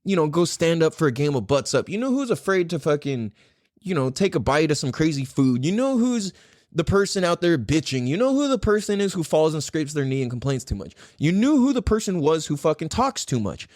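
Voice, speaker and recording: A male podcast host who rants in a loose, rambling way and swears constantly. His pitch sits a little high and swings widely as he talks, and the sound is close and dry with no room around it. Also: fairly quick, no echo. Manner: profane, animated, rambling. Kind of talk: casual podcast rant.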